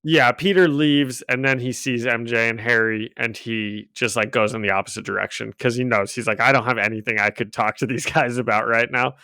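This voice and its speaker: A man's voice: medium pitch, fairly even intonation, brisk, hardly any pauses, bright, forceful tone, clear, resonant tone, no room sound. A man co-hosting a podcast, recapping a comic in casual chat, laughing often and rambling with fillers, on a home microphone. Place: home room.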